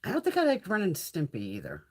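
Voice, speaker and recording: A woman from the Northeastern US hosting a livestream, chatting casually in a blunt, profane, animated way. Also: on the low side, fast talker. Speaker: livestream host.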